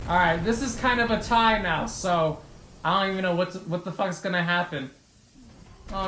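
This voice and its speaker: A man giving excitable gameplay commentary, trash-talking opponents and swearing a lot. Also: high voice. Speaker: gaming YouTuber. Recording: roomy echo with faint noise.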